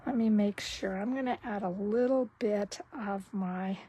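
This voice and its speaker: A woman giving a casual card-making tutorial, talking slowly and thinking aloud as she works. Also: mid-range voice, warm tone, husky, rough recording.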